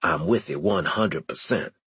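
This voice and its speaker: A man doing a gruff, crude sergeant. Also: measured pace, a bit bright, no echo, heavily acted. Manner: grumbling, low and coarse.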